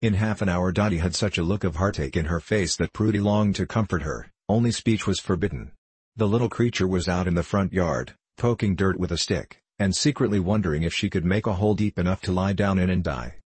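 A man reading a children's storybook aloud in a measured, even way. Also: deep voice, breathy edge, dry recording. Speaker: audiobook reader. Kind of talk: scripted narration of a children's book.

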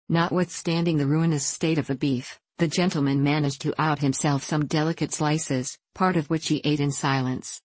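A reader narrating a classic novel in a measured, even storytelling voice. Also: mid-range voice, dry recording. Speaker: audiobook reader.

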